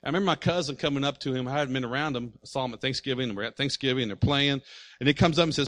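Animated pastor, a man preaching. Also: medium pitch, very fast. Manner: animated, full of rhetorical questions to the congregation. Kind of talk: sermon.

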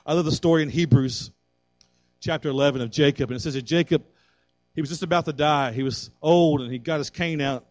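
A man preaching a fervent sermon as pastor, building to loud calls for prayer. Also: on the high side, a little fast, no echo, faint music behind.

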